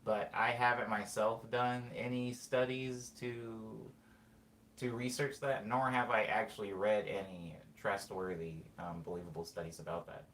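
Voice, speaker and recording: Speaking at a measured pace in a steady, lowish and slightly bright voice, a man hosts a podcast with a rambling, casual monologue. He fills it with fillers and restarts, correcting himself as he goes. An echoey room adds faint ambience and slight background noise.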